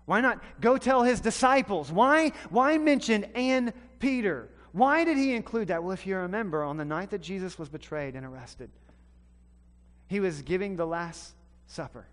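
A man from the American South preaching a sermon, telling a story with animated swings between loud and hushed delivery. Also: high-pitched, normal speed. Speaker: pastor. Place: church sanctuary. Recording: long hall reverb.

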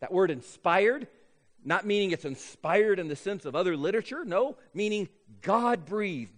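Emphatic male pastor in a reverberant hall. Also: sits high. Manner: emphatic, drawn-out key words. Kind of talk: sermon. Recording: long reverb of a large hall.

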